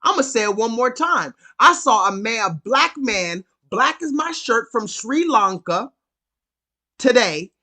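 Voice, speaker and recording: A man's voice: sits high, pushed and bright. A man hosting a live call-in stream, ranting and telling a story with emphatic, profane repetition.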